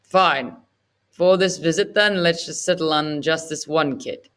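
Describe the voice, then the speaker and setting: A woman's voice: low voice, a little slow, a bit bright. A woman voicing a curt, menacing middle-aged male gangster boss who talks brusquely and dismissively. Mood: appraising.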